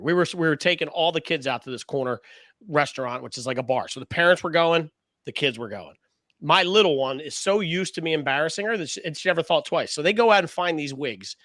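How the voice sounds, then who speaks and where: A man's voice: a little high, quick pace, no echo. A man, co-hosting a casual round-table podcast, telling stories with swearing and laughter. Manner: animated storyteller, swears freely, laughs often. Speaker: podcast co-host.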